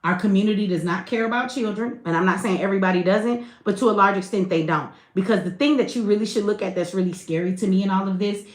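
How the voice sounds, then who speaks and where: This livestream host has a mid-range voice and talks fast with few pauses, her sound a bit roomy. She gives blunt, profane commentary aimed right at her chat.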